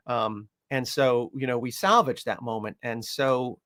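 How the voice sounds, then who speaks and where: A man's voice: mid-range voice, steady tone, normal speed, few pauses. Chatty man, rambling dog trainer. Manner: rambling, lots of fillers, coos softly when quoting himself to the puppy. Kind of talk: casual talk to camera.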